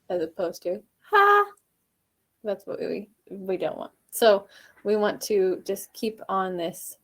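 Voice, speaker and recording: A woman vocal coach runs a live online singing lesson, moving between relaxed explanation, complete with chuckles and fillers, and loud, short staccato "ha" exercises that leap high into head voice. She talks at normal speed.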